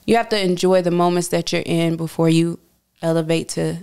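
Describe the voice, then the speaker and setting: A woman's voice: on the low side, fairly even intonation, fairly quick, darkish tone, smooth. A woman guest on a podcast, a rapper from Jamaica, talking earnestly and from the heart. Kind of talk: casual chat.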